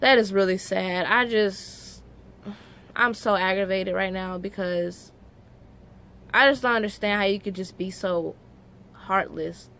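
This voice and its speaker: A young woman speaks to her viewers at an unhurried pace in a middle-range voice. She tells the story casually, scattering "like" through her sentences, and grows openly emotional and indignant. It sounds like an everyday vlog. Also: mid-range voice, vocal fry, fairly bright tone. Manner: emotional, many "like" fillers, rising indignation. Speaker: vlogger.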